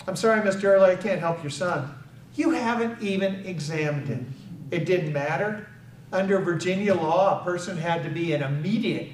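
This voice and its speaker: An older man giving a public speech at an awareness event, telling a personal story and acting out the quoted dialogue with emphasis. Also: high voice. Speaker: invited speaker at an awareness event. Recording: echoey hall, picked up from far off, faint background noise.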